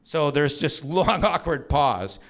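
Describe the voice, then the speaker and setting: Animated self-mocking male storyteller. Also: a little high. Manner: animated, self-deprecating, voices others in quick bursts. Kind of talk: live comedic storytelling. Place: small live venue on stage.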